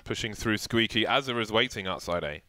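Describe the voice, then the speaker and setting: A man casting a live esports match, with excitable, jokey play-by-play. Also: on the low side, a little fast, slight background noise. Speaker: esports caster.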